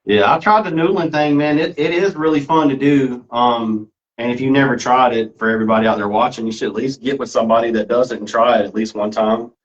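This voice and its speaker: Relaxed male podcast host, lo-fi sound. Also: medium pitch, fast talker. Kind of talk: casual chat. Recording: dull lo-fi sound.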